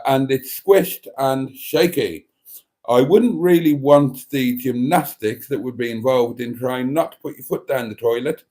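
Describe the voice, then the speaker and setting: A middle-aged man with a medium-pitched, darkish voice hosts a casual livestream. Raising his voice, he reads comments from viewers and replies with mock denials and chatty side remarks.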